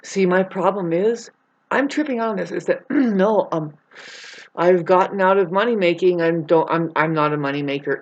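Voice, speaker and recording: A woman's voice: mid-range voice, lively intonation, normal speed. A woman vlogging a rambling spiritual monologue, swearing freely and growing irate as she talks. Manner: profane, grows irate and loud. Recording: dull lo-fi recording.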